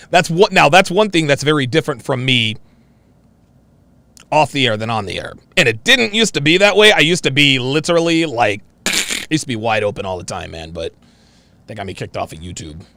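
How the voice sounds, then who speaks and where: Male stream host, distinctive voice, big high-to-low swings, gravelly edge, dry close sound. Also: big pitch swings, moderate pace, long pauses, sharp tone, no room sound. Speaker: show host reading viewer messages. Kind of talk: live-stream commentary.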